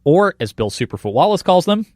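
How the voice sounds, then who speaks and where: A man narrating a documentary podcast in a lively storytelling cadence. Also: high-pitched, brisk, no echo, clean studio sound. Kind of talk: scripted narration.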